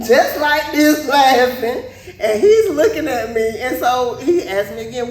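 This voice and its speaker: A woman co-hosting a podcast, telling a story in a slightly high voice and laughing through it. She sits back from the mic in an echoey room. A faint hiss runs under her. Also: a little slow, far from the mic. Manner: animated, laughs often while telling a story. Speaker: podcast co-host. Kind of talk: casual storytelling chat.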